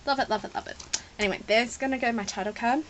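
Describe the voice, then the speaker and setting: A woman's voice: a little high, fast, noisy background. An Australian woman chatting casually as she shows a scrapbook, rambling, apologetic and at times close to tears. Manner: emotional, near tears at times. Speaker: scrapbooking vlogger. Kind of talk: casual chat showing a scrapbook.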